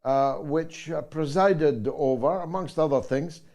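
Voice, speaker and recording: A man hosting a talk show, speaking deliberately and sardonically with drawn-out pauses. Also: a little high, darkish tone.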